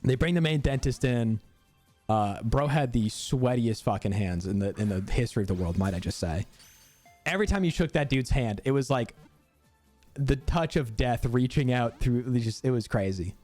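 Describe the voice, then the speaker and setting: A young man streaming, casually telling a story while gaming, animated and cursing freely with frequent laughter. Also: medium pitch, moderate pace, faint music behind.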